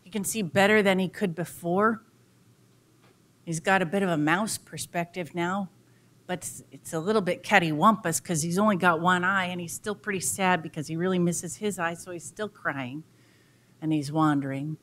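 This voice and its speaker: A woman lecturer tells a story in an expressive, dramatic way, her voice a little low in pitch. Her delivery slows and swells with the tale, speaking to a public audience.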